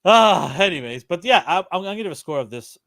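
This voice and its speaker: Animated man telling a story. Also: sits high, a little fast, dry recording, studio quality. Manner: animated, laughing, acts out quotes. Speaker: podcast co-host. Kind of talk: casual storytelling chat.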